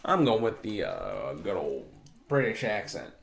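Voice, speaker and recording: A man's voice: deep voice, huge pitch swings, unhurried, vocal fry, reverberant. A man co-hosting a podcast, teasing and laid-back as he poses would-you-rather questions. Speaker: podcast co-host. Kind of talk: casual podcast banter.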